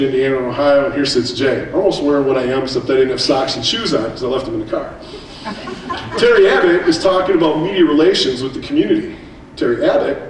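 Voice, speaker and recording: American male keynote speaker, animated and joking, recorded from afar with light hiss. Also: on the high side. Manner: animated storytelling with quick asides. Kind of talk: conference keynote. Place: large hall. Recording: echoey hall, distant mic, faint noise.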